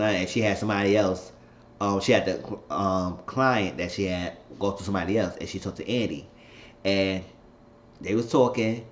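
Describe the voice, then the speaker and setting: A man's voice: lowish voice, slight background noise. A man chatting casually in slang as he recaps a TV episode from his channel. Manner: chatty, slangy retelling of scenes. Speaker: video host. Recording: echoey room, dull lo-fi sound.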